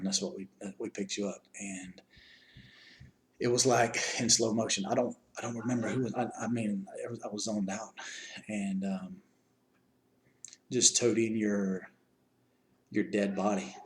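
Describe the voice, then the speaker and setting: Low-voiced man, halting earnest retelling. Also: fairly even intonation, rough recording. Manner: halting, with many restarts and repeated words; earnest, plain-spoken. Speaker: eyewitness recounting a rescue. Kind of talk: personal retelling to the rescued person.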